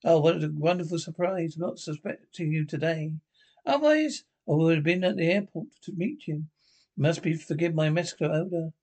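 Brief: vain French ambassador, stammering, pompous, broad comedy. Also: male voice, a little high, expressive, moderate pace, a little mellow. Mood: flustered. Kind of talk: 1970s film comedy acting.

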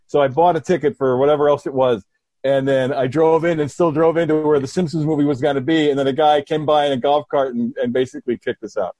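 A middle-aged man, a comedy writer, telling an anecdote in a lively, halting way full of restarts over a video call. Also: on the high side, no echo. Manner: animated, halting storyteller with many restarts. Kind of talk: casual storytelling.

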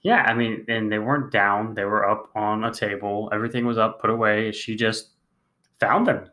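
A man's voice: fairly low pitch, fairly even intonation, normal speed, bright, forceful tone. A man co-hosting a podcast in casual chat, teasing his co-host with dry banter.

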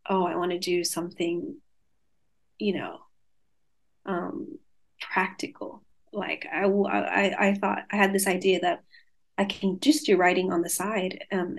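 A woman's voice: on the low side, gravelly. A woman in her twenties with an Australian accent tinged with Californian, talking reflectively as a guest over a video call, with many fillers and restarts. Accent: Australian with a light Californian tinge. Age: 20s. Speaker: guest author.

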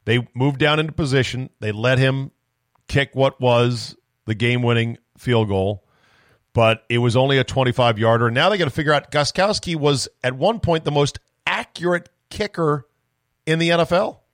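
A man hosting a solo sports podcast, talking in a rambling, animated way with profane, self-mocking asides. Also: medium pitch, moderate pace, no room sound, studio quality. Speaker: sports talk podcast host.

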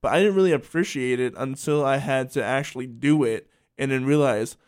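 Young man, podcast host, casual chat, rambling with restarts, mid-pitched voice. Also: a little fast, darkish tone. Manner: rambling, many restarts and fillers.

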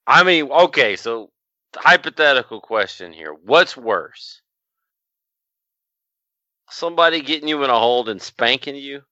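A man's voice: medium pitch, animated, a little slow, long pauses, pushed and bright, dry recording, highs cut off. A man co-hosting a podcast, joking, rambling and profane. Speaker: podcast co-host. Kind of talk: casual podcast chat.

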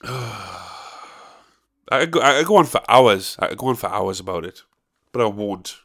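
In an unhurried but animated casual monologue, a young Northern English man with a matching accent vents and swears, repeatedly starting his thoughts over. His voice is on the low side and a bit bright.

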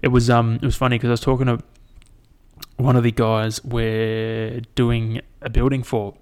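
Young aussie bloke rambling to his mic, swears heaps, mid-pitched voice. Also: normal speed, smooth. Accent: Australian. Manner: rambling, swears a lot, animated retelling. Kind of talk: casual solo chat.

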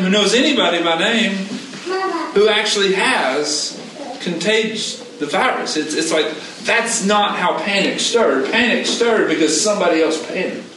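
Male pastor, slightly higher voice, lively conversational preaching, picked up from a distance in a reverberant room with background noise. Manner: animated, asks the congregation questions and repeats key phrases. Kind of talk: conversational sermon.

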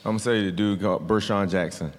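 A man guest on a podcast, telling a story in a halting way with lots of ums. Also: deep voice, steady tone, slight background noise. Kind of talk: casual chat. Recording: long room reverb.

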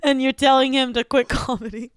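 A woman directing an improv scene, calling out new choices slowly and giggling between them. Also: high-pitched, fairly even intonation, crowd noise. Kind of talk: improv comedy.

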